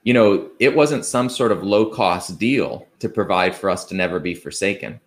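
A man with a low voice preaches an earnest, conversational sermon at a moderate pace, asking rhetorical questions and quoting scripture. His delivery includes fillers and restarts.

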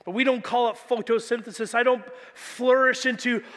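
A man's voice: very high-pitched, steady tone, moderate pace, a bit bright, long reverb tail. A man preaching a sermon as pastor, telling stories animatedly with casual fillers like "like" and "you know.". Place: church hall.

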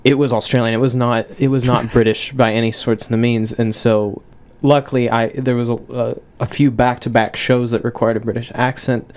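A young man from the United States, an actor, talking in a casual radio interview, measured and a little hesitant. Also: medium pitch, level tone. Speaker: actor guest on radio show.

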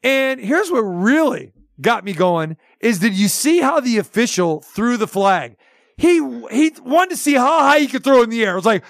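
Brief: male sports radio host, high pitch, animated ranting, dry close mic. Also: normal speed, dry recording. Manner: animated ranting, acts out quotes.

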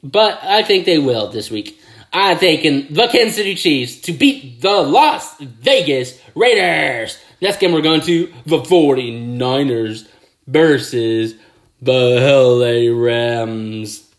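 A man hosting his own football picks show, excitable, with catchphrases and mouth sound effects. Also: medium pitch, slow pace. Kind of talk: casual sports picks video.

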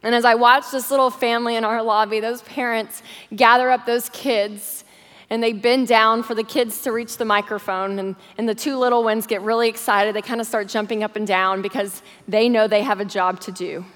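Brief: woman, slightly high voice, heartfelt storytelling sermon, long hall reverb. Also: steady tone, moderate pace, a bit bright. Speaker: guest speaker. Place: large church auditorium.

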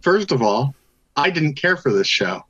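A man's voice: medium pitch, very animated, a little slow, a bit bright, breathy edge. Blunt man on slightly dull audio. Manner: blunt, dry opinions. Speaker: podcast co-host. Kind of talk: casual wrestling chat.

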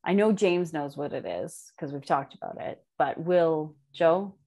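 A woman's voice: deep voice, measured pace, mellow. A woman co-hosting a podcast in casual banter, dry and understated as she leads the questions. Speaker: podcast co-host.

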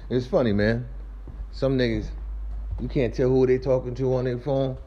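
Walking through his house, a man in his 30s delivers a profane, ranting comedic ramble for his vlog, veering between high squeals and low mumbles. His pace is moderate, and the recording is muffled with heavy background noise.

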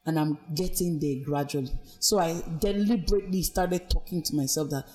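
In a deep, darkish voice and at a fairly quick clip, a woman with a Nigerian accent offers her testimony on a podcast. An abuse survivor, she reflects earnestly on her life, weaving faith throughout.

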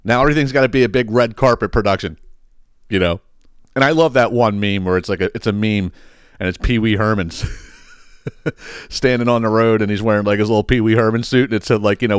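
A man's voice: fairly low pitch, a little fast, clear, resonant tone, dry recording, studio quality. A man hosting a podcast, ranting in a casual comedic way. He swears freely and laughs at his own stories. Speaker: podcast host.

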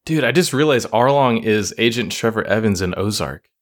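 A man's voice: on the low side, animated, normal speed. A man co-hosting a casual podcast, enthusiastic and swearing casually. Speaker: podcast co-host. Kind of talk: casual chat.

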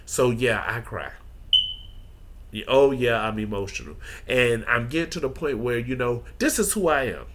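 With a mid-range, fairly bright and expressive voice at normal speed, a man hosts a podcast. His talk is a personal, preacher-like monologue in which he shares his feelings earnestly and openly.

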